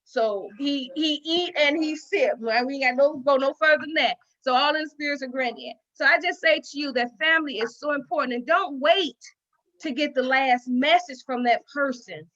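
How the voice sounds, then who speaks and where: A woman's voice: high-pitched, normal speed, fairly bright tone. A middle-aged woman giving a heartfelt personal speech at a women's dinner, folksy and storytelling, on a dull lo-fi recording. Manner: folksy storytelling with acted-out quotes and repetition. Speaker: guest speaker at a women's dinner. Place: dinner event venue.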